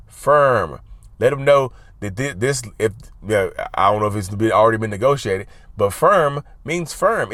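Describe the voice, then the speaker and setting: A man's voice: mid-range voice, fairly bright tone, no echo. A man hosting a casual advice monologue, driving his points home by repeating key words and calling his viewers "y'all.". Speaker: mental health channel host.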